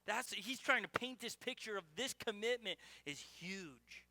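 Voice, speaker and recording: A man's voice: high-pitched, animated, measured pace, pushed and bright, dry recording. A middle-aged man preaching a sermon, telling personal stories in an earnest way, with frequent restarts. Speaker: pastor.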